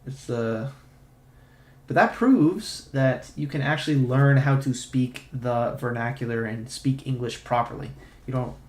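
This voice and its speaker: A young man streaming, giving casual, profane and sarcastic commentary in a ranting tone. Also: medium pitch. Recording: roomy echo.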